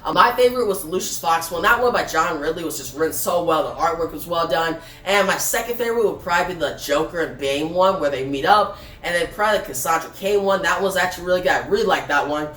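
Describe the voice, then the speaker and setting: A woman's voice: on the low side, quick pace, few pauses, fairly bright tone. A woman casually reviewing a comic book, chatty and loose, with fillers and restarts. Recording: roomy echo, distant from mic, faint music.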